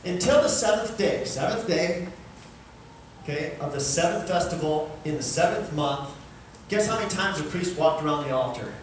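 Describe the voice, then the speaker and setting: A man preaching a sermon as pastor, animated and rising to fervent cries. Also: on the high side, moderate pace, a little hiss or hum. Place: large church sanctuary. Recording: echoey room, miked from far off.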